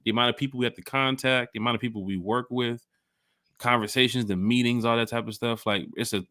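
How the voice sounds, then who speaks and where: A man co-hosting a fan podcast, talking in a hyped, slangy way and calling out names from the chat. His voice sits in a middle pitch and sounds close and dry, with no room around it. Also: fast talker, dry recording. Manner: animated, hype, slangy, reads chat shout-outs. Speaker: podcast co-host. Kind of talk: casual sports fan chat.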